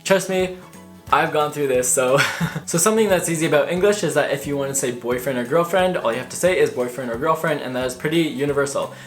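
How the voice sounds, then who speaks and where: A woman's voice: low voice, quick pace, faint music behind. A young woman from Canada giving a casual, friendly explanation to her viewers in a vlog. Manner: friendly, chatty teaching tone. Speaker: language vlogger.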